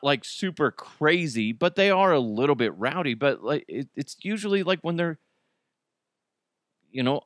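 A man's voice: mid-range voice, a bit bright, no echo. A man in a middle register hosts a laid-back comedy podcast and riffs on odd headlines. He rambles, doubles back on himself and throws in wry asides. The sound is dry and close, with no room around it. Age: adult with children. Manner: chatty, wry, rambling, frequent restarts and asides. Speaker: podcast host. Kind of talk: casual comedic commentary on news.

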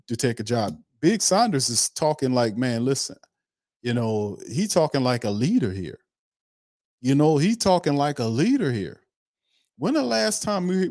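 A man hosting a sports podcast, talking in an animated, repetitive way. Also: mid-range voice, no echo, clean studio sound. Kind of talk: casual sports commentary.

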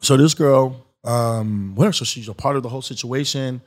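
A man's voice: mid-range voice, a little fast. A man guest on an interview show, telling a long casual story with lots of filler and acted-out quotes. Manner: rambling, animated, acts out quotes. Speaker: guest, skit creator.

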